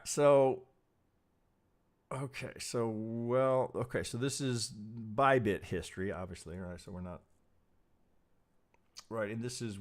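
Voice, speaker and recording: A middle-aged man hosting a trading stream, talking over charts in a casual, profane, animated way. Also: on the low side, vocal fry. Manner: profane, animated, mimics clueless traders in quick asides. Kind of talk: casual live chart commentary.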